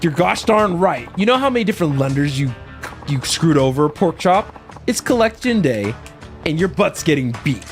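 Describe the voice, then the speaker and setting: A man's voice: a little high, big pitch swings, soft background music. A man voicing a tough, menacing female debt collector who taunts a debtor in a video game. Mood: taunting. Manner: slow, taunting.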